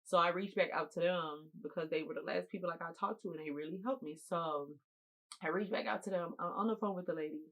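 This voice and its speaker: A woman's voice: lowish voice, fast talker, a bit bright, rough recording. A young woman telling a casual storytime to her viewers, eating as she talks, repeating phrases for emphasis and speaking straight to the audience. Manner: eating while talking. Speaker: storytime vlogger.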